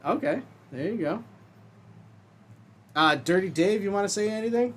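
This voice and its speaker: A man hosting a casual group commentary chat, loud and joking, swearing freely. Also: high-pitched, lively intonation, moderate pace. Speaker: host.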